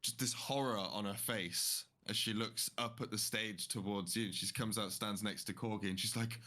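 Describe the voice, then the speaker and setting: As game master, a man narrates a tabletop game in a relaxed, rambling way full of fillers. His voice is lowish and his pace moderate.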